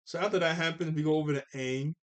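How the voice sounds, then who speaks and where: A man's voice: on the high side, fairly even intonation, fast talker. A young man casually recapping a cartoon episode, rambling with lots of "like", restarts and chuckles at his own jokes.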